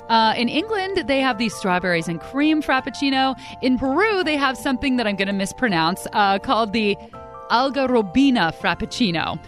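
A woman hosting a podcast, telling stories in an upbeat, chatty, animated way. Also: a little high, fairly quick, music in the background. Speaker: podcast host. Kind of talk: casual storytelling narration.

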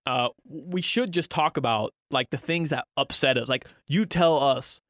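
A man's voice: medium pitch, unhurried, a bit bright, no room sound. A man co-hosting and producing a sports radio show, rambling casually with many restarts and fillers on a studio mic.

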